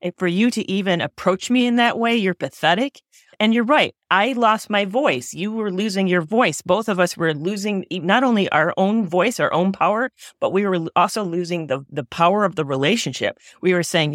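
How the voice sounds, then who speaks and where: A woman's voice: on the low side, expressive, fairly quick, dry recording, clean studio sound. A woman in a reflective conversation, talking in an earnest, searching way and often correcting herself mid-sentence.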